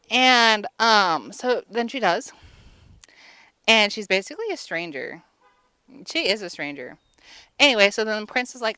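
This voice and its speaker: A woman's voice: a little high, big pitch swings, unhurried, long pauses, sharp tone, clear, resonant tone, no room sound. A woman vlogger giving a casual comic movie recap, crude and rambling with lots of fillers.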